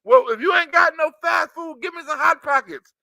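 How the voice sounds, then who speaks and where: A man putting on the voice of a hungry, demanding man on a train, shouting and whining for food. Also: extremely high pitch, a little fast, creaky, no echo, pitched above the performer's own voice, heavily acted.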